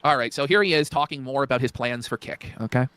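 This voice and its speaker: A man co-hosting a livestream, talking fast and sarcastically while reacting to clips. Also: mid-range voice, fairly bright tone, smooth, no room sound. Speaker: stream co-host. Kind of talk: casual commentary chat.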